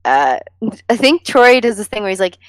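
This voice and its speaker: A woman hosting a podcast in a casual chat, animated and swearing freely. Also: medium pitch, moderate pace, no echo. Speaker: podcast host.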